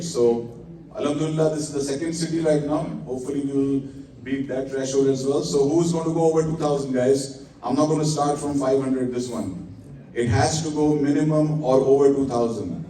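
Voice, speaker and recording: A man's voice: on the high side, warm tone. Upbeat man auctioneering in an echoey hall. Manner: upbeat, coaxing bids, peppered with religious blessings. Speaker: charity auctioneer. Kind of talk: live fundraising auction calling. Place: large indoor event hall. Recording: echoey hall, mic at a distance.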